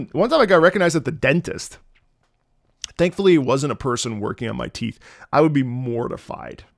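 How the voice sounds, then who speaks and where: Male streamer, gravelly and lively, casual chat with jokes and cursing, dry close sound. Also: medium pitch, moderate pace, long pauses, dry recording. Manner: animated, joking storyteller with frequent swearing.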